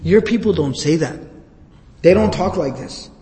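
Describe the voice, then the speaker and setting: A man's voice: on the high side, natural voice. A man telling as Addas, an astonished servant. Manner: halting, repeats himself when excited. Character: Addas, adult male servant, astonished, earnest. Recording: long hall reverb.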